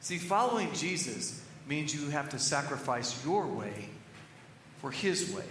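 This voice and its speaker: A middle-aged man, a pastor preaching a sermon in a church, telling earnest stories and dropping to hushed tones for emphasis. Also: a little high, very animated, a little slow, slight background noise. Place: church sanctuary. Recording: echoey hall reverb with faint ambience.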